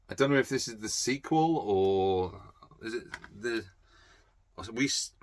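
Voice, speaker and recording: A man's voice: on the low side, moderate pace, no room sound. A man vlogging about his movie collection in a casual, rambling way, blunt and sweary, with lots of ums and uhs. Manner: blunt, sweary, off-the-cuff with many fillers.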